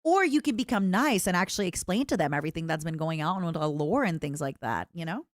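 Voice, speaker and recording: A woman streamer chatting casually with her viewers, rambling and animated, often restarting her sentences. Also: on the low side, quick pace, dry recording, studio quality. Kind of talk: casual livestream chat.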